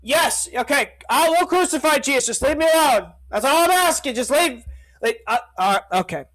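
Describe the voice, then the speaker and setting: A man's voice: very high voice, animated, moderate pace, a bit bright, poor audio. A man voicing a hungover, fed-up male Roman governor who rambles and begs to be left alone. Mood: exasperated.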